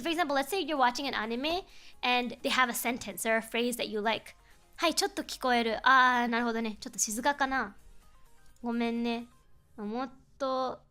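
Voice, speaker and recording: A woman's voice: a little high, fairly bright tone. Chatty, giggly young woman streamer. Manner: chatty and giggly, switching between English and Japanese. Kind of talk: casual chat stream.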